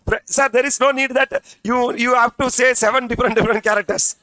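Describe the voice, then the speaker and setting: A man's voice: extremely high pitch, fairly even intonation, a little fast, bright, forceful tone, no echo. A middle-aged man, teaching a classroom lecture in a chatty way, often checking if the class is with him. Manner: chatty, keeps asking "are you with me", says "sir" often. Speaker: CA exam tutor. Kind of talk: classroom lecture with story examples.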